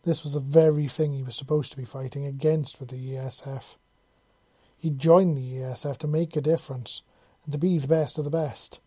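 Very mellow, dry-voiced story narrator. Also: medium pitch, fairly even intonation, normal speed, husky, no echo. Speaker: audiobook narrator. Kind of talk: reading fan fiction aloud.

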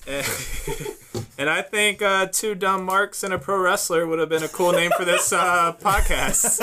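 A man's voice: high voice, measured pace, noisy background. A man hosting a podcast in casual chat, joking and laughing often. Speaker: podcast host.

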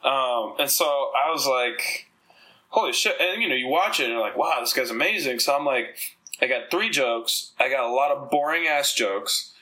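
Bright-voiced man telling stories on a podcast. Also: mid-range voice, normal speed, low-quality recording. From Dominican. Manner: rambling, profane, animated storytelling. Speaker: podcast host. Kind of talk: casual chat.

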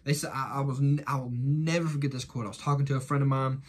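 Husky-voiced man giving an earnest devotional. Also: mid-range voice, fairly even intonation, fast. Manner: earnest, repetitive preaching cadence. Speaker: preacher. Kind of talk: devotional talk.

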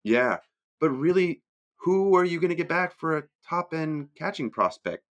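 A man's voice: fairly high pitch, animated, moderate pace. A man co-hosting a sports podcast, giving blunt, dismissive analysis in casual chat. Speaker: podcast co-host.

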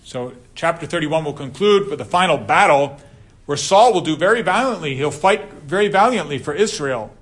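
Man, Bible teacher, slightly high voice, casual lecture, digressive, reads scripture aloud. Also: expressive, normal speed, a bit bright.

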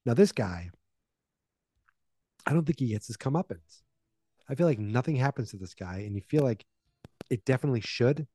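A man's voice: mid-range voice, expressive, moderate pace, long pauses, warm tone, slightly rough, no echo. A man in his forties, a podcast host casually retelling a movie plot with wry asides.

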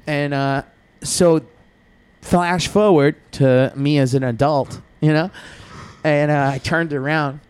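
A man's voice: fairly high pitch, steady tone, slow pace, darkish tone, clear, resonant tone, dry recording. A man guest on a podcast, telling a long story in a profane, rambling way and laughing as he goes.

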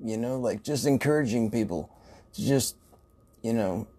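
A man's voice: mid-range voice, moderate pace, warm tone. A man who works in a grocery store, telling casual stories in a rambling way, swearing and laughing often. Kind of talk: casual storytelling.

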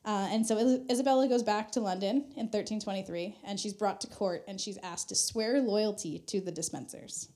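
A woman retells history on a podcast in a loose, chatty manner, full of "like"s and the odd swear word. Her voice is soft and mellow, at a middle pitch. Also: brisk, few pauses. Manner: chatty, laughing, heavy use of "like", swearing. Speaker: podcast host. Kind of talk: casual history podcast storytelling.

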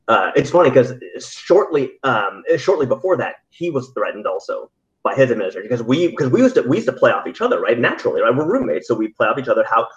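A man who works as a teacher, chatting casually and telling rambling stories with many restarts. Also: lowish voice. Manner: rambling storyteller with frequent restarts and laughs. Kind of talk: casual podcast conversation. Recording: slightly dull, lo-fi audio.

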